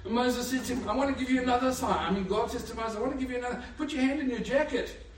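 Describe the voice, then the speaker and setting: A man preaching a sermon with animated storytelling, who lives in Africa. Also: extremely high pitch, rapid-fire. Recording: echoey room, far from mic.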